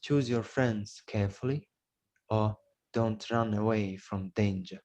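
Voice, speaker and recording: A man's voice: lowish voice, measured pace, darkish tone. A man with an Uzbek accent teaching an English grammar lesson, explaining step by step and repeating each example before translating it into Uzbek.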